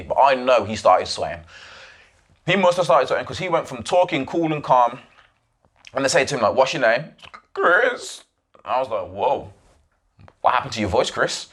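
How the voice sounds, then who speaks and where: Animated man retelling a documentary. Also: medium pitch. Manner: animated, swearing, acts out quoted voices. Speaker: podcast host.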